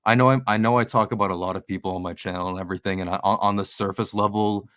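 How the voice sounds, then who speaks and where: A man's voice: fairly low pitch, fairly even intonation, racing, a bit bright, dry recording, studio quality. A man on a casual podcast chat, a sneaker YouTuber guest who rambles heatedly, swears and restarts his sentences.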